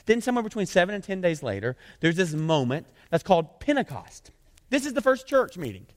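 A high-voiced man preaching a sermon in an animated, conversational way. He reads scripture aloud and keeps breaking off to explain it in plain talk. His voice carries a long reverb from a large hall. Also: brisk. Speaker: pastor.

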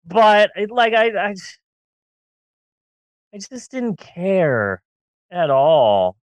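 Man, movie podcast co-host, sarcastic ranting, wildly varied pitch, dry close mic. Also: very slow, clean tone, dry recording, dull audio. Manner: animated ranting, sarcastic jokes and riffs. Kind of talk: casual comedic film review chat.

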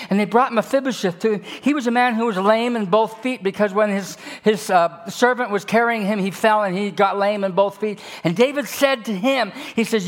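Preaching with lively storytelling, this male pastor moves between booming and quiet moments. His voice sits high, and he talks at a normal speed with barely any pauses.

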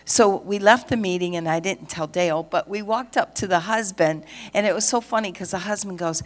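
A middle-aged woman, a pastor's wife and preacher, tells a story from the pulpit in a lively way, acting out the dialogue. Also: on the low side, moderate pace. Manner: lively storyteller who acts out the dialogue and laughs. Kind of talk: sermon testimony.

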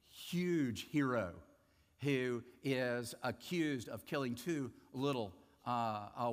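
A man preaches a sermon in an earnest way, his voice at an ordinary middle pitch. He drops to a hushed tone to stress his points. A long reverb trails each phrase through the large hall. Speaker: pastor.

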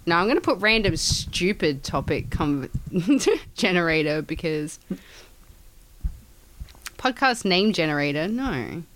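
A woman's voice: on the low side, big pitch swings, slow, a bit bright. Blunt, laughing female podcast co-host. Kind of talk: casual podcast chat.

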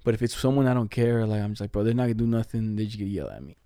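A man's voice: fairly low pitch, animated, very fast, dark tone, clear, resonant tone, dry recording, studio quality. A young man telling stories in a slangy, laid-back way as a podcast co-host, laughing often. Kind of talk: casual chat.

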